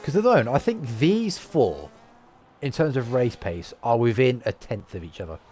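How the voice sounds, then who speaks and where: A tired man from the UK giving lively, chatty live commentary on an online racing league and reading out lap times. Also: medium pitch, normal speed, slight background noise. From United Kingdom. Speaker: race commentator.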